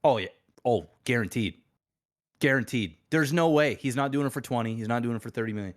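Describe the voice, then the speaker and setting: A man's voice: medium pitch, rapid-fire, a little mellow. A man with an ordinary mid-range voice co-hosting a casual podcast. He makes his points bluntly and confidently, with plenty of swearing. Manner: blunt, profane, confident speculation. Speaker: podcast co-host.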